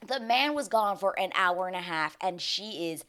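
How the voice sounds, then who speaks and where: A fed-up woman hosts a reality TV recap, ranting in loose, casual commentary and swearing without a second thought. Her voice sits a little low for a woman. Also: expressive, normal speed, a bit bright. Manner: exasperated, ranting, swears freely.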